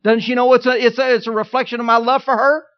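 A man preaching a sermon, telling a personal story in a folksy way, swinging from quiet asides to emphatic declarations. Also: very high-pitched, flat delivery, quick pace, highs cut off. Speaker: pastor.

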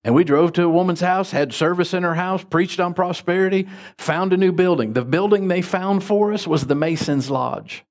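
A man preaching as a pastor, telling folksy stories with lively jumps in his voice. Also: normal speed. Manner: folksy, animated anecdotes with sudden pitch jumps. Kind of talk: sermon with storytelling.

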